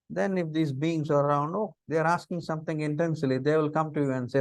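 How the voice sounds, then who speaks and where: A middle-aged man with an Indian English accent, giving a lecture on interview skills, lively and full of rhetorical questions. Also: fairly high pitch, quick pace, hardly any pauses, no echo. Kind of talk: lecture on interview body language.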